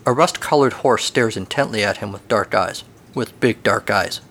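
A man's voice: lowish voice, moderate pace, husky. Wry male storyteller. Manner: wry, deadpan. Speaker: narrator. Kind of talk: storytelling narration.

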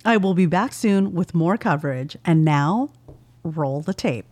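A woman's voice: fairly low pitch, expressive, unhurried, a little mellow, no room sound. A woman co-hosting a podcast, reading a listener email aloud with amused laughs. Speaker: podcast co-host.

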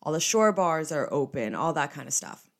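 A young woman hosts a casual solo podcast in a slightly low voice. She talks in a chatty, emphatic way and slides easily into playful rants. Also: big pitch swings, moderate pace. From New Jersey. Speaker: podcast host.

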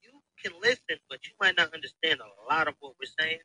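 A man in his thirties hosting a casual podcast, telling profane, animated stories. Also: a little high, a little fast, slightly rough, poor audio. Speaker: podcast host. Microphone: phone.

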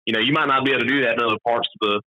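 A man's voice: mid-range voice, steady tone, rapid-fire, bright, forceful tone. A man from the Southern US with a Southern accent, a guest talking in easygoing, filler-heavy casual chat. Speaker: guest, video creator. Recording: muffled lo-fi audio.

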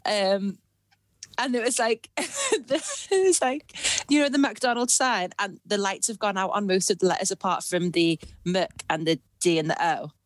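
A woman's voice: mid-range voice, animated, normal speed, dry recording. A woman co-hosting a podcast, telling a story in a giggly, casual way. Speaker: podcast co-host. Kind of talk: casual chat.

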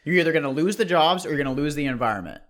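A man's voice: fairly high pitch, lively intonation, rapid-fire, a bit bright. A man co-hosting a podcast in a blunt, laid-back, profane way. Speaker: podcast co-host. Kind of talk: casual podcast chat.

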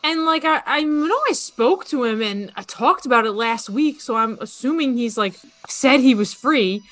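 A woman's voice: on the high side, lively intonation, normal speed, a bit bright. A woman hosting a podcast, teasing her co-host and laughing often in casual chat.

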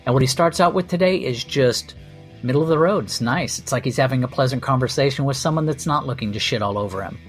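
A male podcast host tells a comic story with a wry, sardonic edge and a salty tongue. His voice sits at an ordinary middle pitch. Faint guitar music plays behind him. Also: quick pace. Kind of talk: comedic storytelling monologue.

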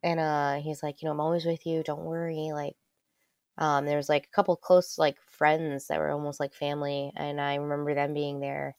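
A woman's voice: low-pitched, level tone, normal speed, a little mellow, no room sound, clean studio sound. A woman telling a personal story in casual conversation, candid and loose, swearing freely with lots of ums. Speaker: guest.

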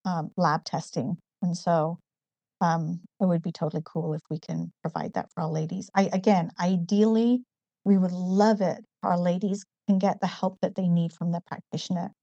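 A middle-aged woman from the northeast of England with a northern English accent softened by years in America, explaining things in a measured way with frequent ums as an interview guest. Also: on the low side, steady tone, dry recording, dull audio. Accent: northern English, partly American. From Newcastle, northeast England. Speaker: guest, company founder. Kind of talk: casual interview.

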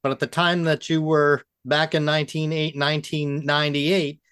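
A man interviewing two guests, asking measured, thoughtful questions. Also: fairly high pitch, level tone, a bit bright, clear, resonant tone, no echo, studio quality.

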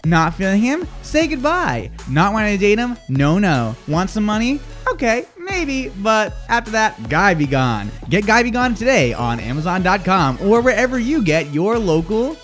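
A radio host putting on an overexcited male infomercial announcer voice, swooping up and down through a hyped sales pitch. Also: big pitch swings, moderate pace, few pauses, fairly bright tone, faint music behind.

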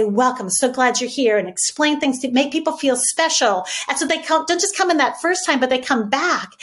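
A woman in her sixties from the United States, a podcast guest telling her life story in a chatty, animated way with many fillers. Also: medium pitch. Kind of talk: casual storytelling interview.

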